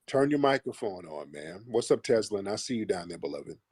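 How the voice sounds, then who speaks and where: A man hosting a live call-in stream, mocking and insulting his callers bluntly with slow, drawn-out put-downs. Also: fairly low pitch, big pitch swings, a little mellow, slightly rough, no echo, clean studio sound. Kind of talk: combative call-in show talk.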